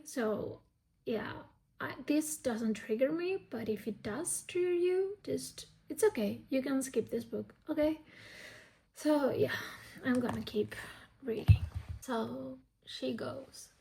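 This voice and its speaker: Woman reading vlogger, slow and gravelly, blunt and profane. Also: high voice, warm tone. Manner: candid, heavy swearing, restless. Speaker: book vlogger. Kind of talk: casual reading vlog.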